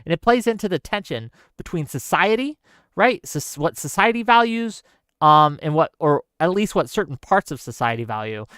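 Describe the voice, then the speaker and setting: A man's voice: a little high, big pitch swings, moderate pace, fairly bright tone, smooth, no echo. Male streamer, live chat commentary, heated emphatic rants, very dry close sound. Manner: emphatic, heated ranting with swearing; talks straight to the audience with asides. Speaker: streamer host.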